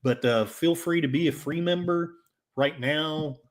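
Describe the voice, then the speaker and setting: A man's voice: fairly high pitch, a little slow. A man with an Oklahoma accent hosting a casual livestream, reading chat comments in a rambling, jokey and self-mocking way. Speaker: livestream host.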